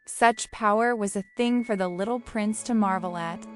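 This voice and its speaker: A woman reads a classic children's story aloud in a calm, measured storybook voice. Her voice sits at a middle pitch, with a faint bed of music underneath. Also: no room sound. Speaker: audiobook narrator. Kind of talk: storybook reading.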